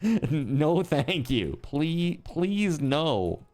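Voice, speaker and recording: Lively, rambling male game streamer. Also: fairly high pitch, drawn-out words. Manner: rambling, joking, swearing, with lots of fillers. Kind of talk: casual stream chat.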